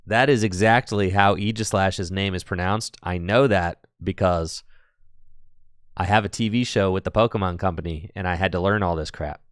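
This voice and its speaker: Male stream commentator, chatty and joking, clear smooth voice with no room sound. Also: sits low, fairly even intonation, moderate pace, dry recording, clean studio sound. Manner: chatty and playful, laughs often, answers chat. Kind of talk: casual live-stream commentary.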